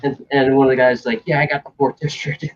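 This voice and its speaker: Over dull, lo-fi stream audio, a young male host tells a story in casual chat, acting out other people's lines and swearing freely. His voice is medium-pitched and level, and he talks quickly.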